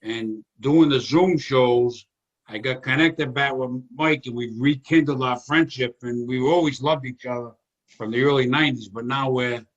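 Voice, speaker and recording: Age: 60s. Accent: Italian-American. Role: comedy host. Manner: rambling, reminiscing. Sound: dull video call audio. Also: male voice, mid-range voice, moderate pace. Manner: reminiscing, rambling and warm-hearted. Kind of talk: casual chat on a video call.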